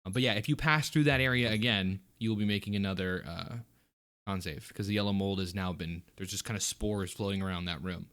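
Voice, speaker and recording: Hesitant low-voiced man running a tabletop game. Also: a bit bright, clean tone. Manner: halting, full of fillers and restarts. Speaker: dungeon master.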